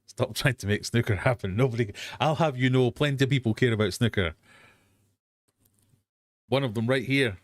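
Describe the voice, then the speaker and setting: A man's voice: mid-range voice, moderate pace, long pauses, no room sound, studio quality. An English man hosting a live quiz stream, chatty and self-mocking, often drifting off on tangents. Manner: chatty, self-mocking, easily sidetracked, bursts into silly sung bits. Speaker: host of a live quiz hangout.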